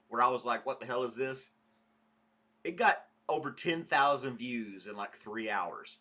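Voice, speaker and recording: A man's voice: medium pitch, sharp tone. A man hosting a casual morning livestream podcast, rambling chattily and greeting viewers by name. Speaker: podcast host.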